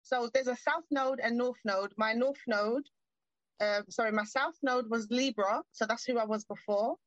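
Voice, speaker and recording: A British woman from the UK, a guest in a casual interview, talking in a lively, giggly way. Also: fairly high pitch, normal speed, no room sound. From United Kingdom. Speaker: guest, spiritual medium. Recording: dry, muffled remote audio.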